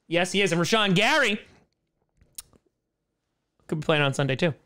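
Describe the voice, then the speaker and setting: A man's voice: high-pitched, lively intonation, moderate pace, sharp tone. A man in his thirties hosting a casual live-streamed Q&A from home, joking, sarcastic and riffing on viewer comments. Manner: jokey, sarcastic, reads chat aloud and riffs on it.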